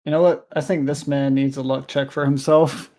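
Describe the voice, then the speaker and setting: Tabletop player, slow delivery, mid pitch, hesitant deliberating. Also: fairly even intonation, mellow. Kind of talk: playing a tabletop game.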